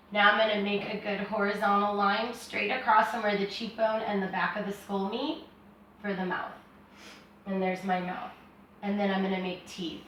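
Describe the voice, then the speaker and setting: A woman teaches drawing step by step, easygoing and reassuring as she works and talks herself through it. Her voice sits at an ordinary middle pitch. It comes from some way off the mic and rings around a very echoey, hard-walled room. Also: unhurried, recorded from a distance, a little hiss or hum. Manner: relaxed, reassuring, thinking aloud while drawing. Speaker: art teacher.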